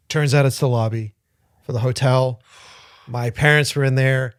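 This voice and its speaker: A man's voice: mid-range voice, moderate pace, smooth, dry recording. Guy on a podcast telling a wild story, swears a lot, does the voices, dead dry mic. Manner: profane, rambling, lively retelling with quoted voices. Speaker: podcast co-host. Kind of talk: casual storytelling.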